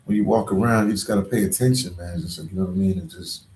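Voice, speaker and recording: A man's voice: low voice, fast talker, darkish tone, roomy sound, slight background noise. A man talking to viewers on a casual live stream, slangy and rambling. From Philadelphia. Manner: slangy and rambling, full of "like" and "you know". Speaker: travel vlogger on a live stream.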